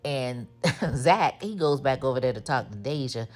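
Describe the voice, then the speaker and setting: The TV recap host here has an animated bass voice and talks at normal speed. She breezes through the episode with sassy, chatty storytelling, playing out the characters' dialogue.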